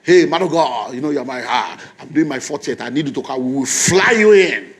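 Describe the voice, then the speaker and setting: A man voicing an excitable, boastful man who has come into sudden money, speaking loud and high. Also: brisk, close to an everyday voice. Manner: loud, high-pitched, gushing.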